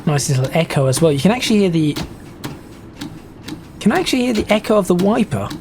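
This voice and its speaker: A man's voice: high voice, big pitch swings, fast talker. Chatty man playing a train game. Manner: chatty, stop-start, self-correcting. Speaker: gaming video host. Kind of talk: casual gameplay commentary. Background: train sim game noise.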